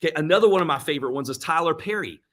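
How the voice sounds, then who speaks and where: An earnest man gives a motivational talk, slightly higher-pitched than most men. He retells comeback stories in quick bursts, often restarting his sentences. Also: animated, fairly bright tone. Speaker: motivational speaker.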